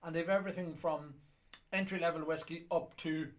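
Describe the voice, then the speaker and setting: A man with an Irish accent and a fairly high voice chats casually as a whiskey auction host. He is jokey and rambling, with an easy, offhand way of talking. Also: fairly even intonation, fairly quick. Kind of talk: casual chat.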